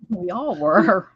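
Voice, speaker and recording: A woman's voice: mid-range voice, husky, no echo, highs cut off. An American woman hosting a craft livestream, chatting casually and teasing while she works, with frequent laughs.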